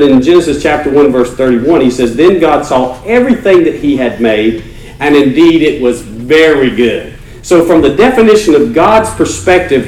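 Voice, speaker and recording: A man's voice: mid-range voice, darkish tone, distant mic. Earnest male pastor preaching in a roomy church. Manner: earnest, conversational preaching with repeated words and restarts. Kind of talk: sermon. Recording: roomy church echo, faint noise.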